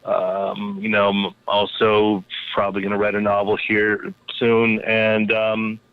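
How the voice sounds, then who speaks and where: A man's voice: lowish voice, monotone, a little slow, smooth. Man rambling over a tinny phone line. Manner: rambling, with many fillers and restarts. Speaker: guest, anthropologist and poet.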